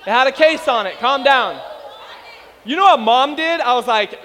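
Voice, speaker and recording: A man preaching an energetic sermon to a congregation, telling stories and acting out the voices of the people in them. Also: very high voice, moderate pace, big-room sound. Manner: animated storytelling, acts out voices. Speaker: pastor.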